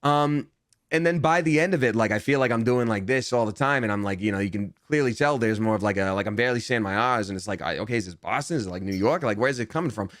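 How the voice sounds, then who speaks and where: A young adult man, a voice actor and guest, chatting casually in an interview and telling stories animatedly, swinging his pitch up when he jumps into quotes. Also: quick pace, fairly bright tone, no room sound, clean studio sound.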